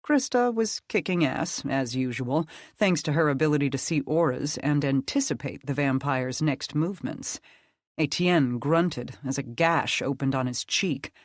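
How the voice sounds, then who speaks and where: Steady audiobook narrator, dry close sound. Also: mid-range voice, a little slow, dry recording. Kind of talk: dark fantasy audiobook narration.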